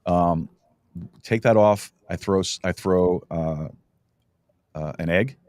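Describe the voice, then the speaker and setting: Man, middle-aged podcast host, low voice, halting rambling storyteller, dry close sound. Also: darkish tone, smooth, dry recording. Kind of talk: casual chat. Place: podcast studio.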